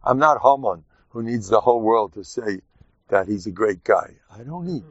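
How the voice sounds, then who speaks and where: A man giving an informal, joking Torah talk to his class, lively and animated. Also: on the low side, moderate pace, no echo. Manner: animated, jokey, mixes Yiddish and Hebrew terms. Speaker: rabbi teaching a class. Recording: dull dry lo-fi sound.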